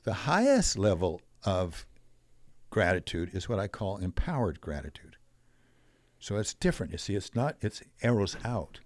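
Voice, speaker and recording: Older guy on a podcast, kinda low voice, tells stories and does the voices, dry sound. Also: moderate pace, no echo. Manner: animated storyteller, acts out quoted voices. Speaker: podcast guest. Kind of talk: storytelling in a conversational interview.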